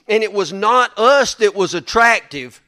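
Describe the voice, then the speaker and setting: A man's voice: high voice, animated, unhurried, sharp tone. A man preaching a sermon in a folksy, emphatic way, often repeating his words.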